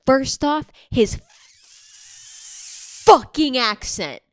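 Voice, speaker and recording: A young woman chatting to camera with a bouncy, swooping voice that leaps high and dips low. She gushes and swears freely. She holds a microphone close, and the sound is dry and close. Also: very slow, dry recording, soft background music. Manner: animated, swearing, gushing. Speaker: vlogger. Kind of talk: casual chat. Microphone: handheld microphone.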